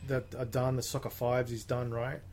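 A man's voice: medium pitch, level tone, normal speed, over a noisy crowd. Chatty man, football talk. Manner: chatty, hesitant with many ums. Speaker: radio football panelist. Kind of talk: casual radio chat.

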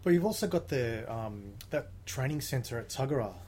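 A man's voice: mid-range voice, animated, normal speed, a little mellow, breathy edge. Chatty man, football talk. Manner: chatty, hesitant with many ums. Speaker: radio football panelist. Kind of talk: casual radio chat.

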